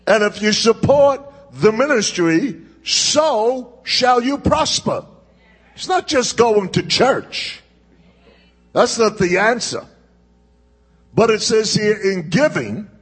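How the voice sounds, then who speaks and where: Male pastor, sermon delivery, high husky voice, slow and deliberate, long church reverb. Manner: call-and-response preaching, drawn-out emphatic phrasing. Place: church sanctuary. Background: congregation responding.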